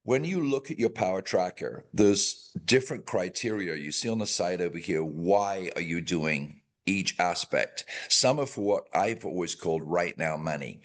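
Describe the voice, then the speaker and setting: A man with a slightly low voice leads a real estate team's training session. He speaks emphatically, drives his points home with repetition and motivational promises, and keeps checking in with his listeners. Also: lively intonation, normal speed, hardly any pauses. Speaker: real estate team coach.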